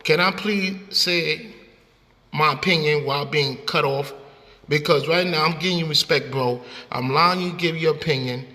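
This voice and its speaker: A man hosting a heated talk debate, his voice bright and on the high side. He is insistent, leaning on "bro" and "you see" to hold the floor. There is a long reverb trailing behind his words. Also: normal speed. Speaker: host.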